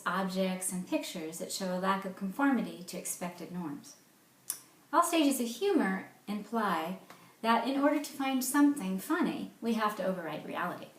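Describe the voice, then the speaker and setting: A woman talks through a lesson at a middle pitch, reading jokes aloud with lively, playful emphasis. Her voice rings a little in an echoey room. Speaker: speech therapist presenting a therapy game. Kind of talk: explanatory presentation.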